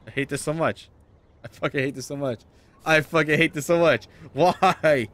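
A man's voice: fairly high pitch, moderate pace, a bit bright. A man playing a video game and commenting, muttering and swearing in frustration. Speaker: gaming video host. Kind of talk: let's play commentary.

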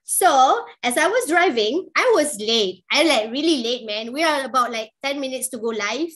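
High-voiced chatty woman. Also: moderate pace. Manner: animated, chatty, with frequent "like" and "man". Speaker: guest speaker, freelance journalist. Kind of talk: casual storytelling to an online class.

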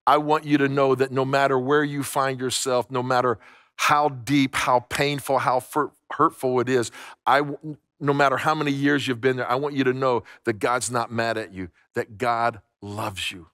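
A man's voice: mid-range voice, fairly even intonation, moderate pace, a bit bright, dry recording, studio quality. Emphatic middle-aged male preacher. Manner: emphatic preaching with repeated phrases and stammered restarts. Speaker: pastor. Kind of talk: sermon. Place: church sanctuary.

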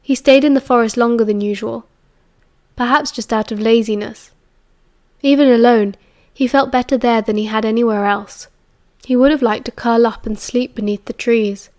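A woman with a British accent reading an audiobook in a calm, measured way. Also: fairly high pitch. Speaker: audiobook narrator. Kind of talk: audiobook narration.

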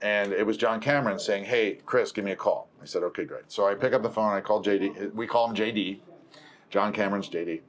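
A man's voice: fairly low pitch, brisk, slight background noise. A male film producer telling a long story in casual conversation, correcting himself as he goes and acting out the dialogue. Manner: rambling, self-correcting, acts out quoted dialogue.

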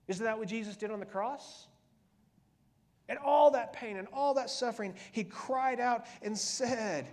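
A middle-aged male pastor preaching a sermon in a church, conversational but rising to loud emphatic peaks and dropping to hushed near-whispers. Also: very high voice, unhurried. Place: church sanctuary.

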